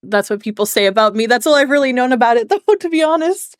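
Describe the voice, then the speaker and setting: A woman's voice: fairly high pitch, animated, fast, dry recording, studio quality. A woman with a Canadian accent hosting a casual interview, asking curious questions. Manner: curious, asks questions, frequent small reactions. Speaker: host.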